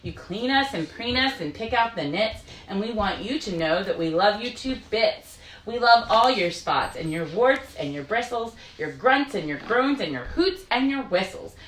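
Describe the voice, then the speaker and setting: Little baby animals speak sweetly and tenderly to their parents, as a woman reads them aloud. The voice lifts and dips in a lively way, and the room gives it an echo. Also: medium pitch, moderate pace, hardly any pauses, a little hiss or hum, natural voice. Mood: loving. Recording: roomy echo.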